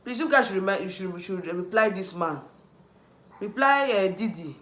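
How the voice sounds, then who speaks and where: A man with a Nigerian accent rants on a livestream, hammering the same points and breaking off to answer chat. His voice sits high and sounds bright and forceful. The room around him rings with a noticeable echo. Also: animated, moderate pace. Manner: heated, repetitive, restarts often, answers chat. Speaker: YouTube livestream host. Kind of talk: ranting livestream commentary.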